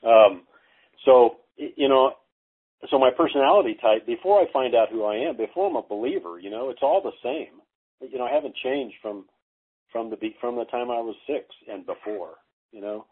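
A middle-aged man telling stories casually as a guest, halting, with many fillers and restarts. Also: medium pitch, expressive, husky. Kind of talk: casual storytelling interview. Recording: phone-like narrow audio.

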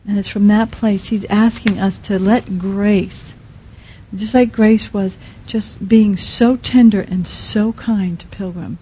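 A woman preaching with a mellow, warm tone and a slightly husky edge. She speaks softly and haltingly, with restarts and fillers, and often sinks to a near-hush. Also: medium pitch, fairly even intonation, rough recording. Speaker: speaker at a Christian teaching. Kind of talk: sermon.

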